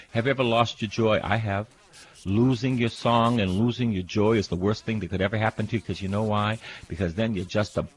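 Middle-aged male priest, lowish voice, lively sermon delivery with call-and-response. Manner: dramatic scripture reading, call-and-response preaching. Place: airport.

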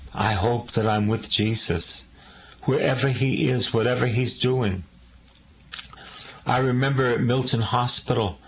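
A man's voice: medium pitch, fairly bright tone. A man preaching a sermon, repeating phrases and asking rhetorical questions with passion. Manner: repetitive, impassioned exhortation with rhetorical questions. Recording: dull lo-fi recording.

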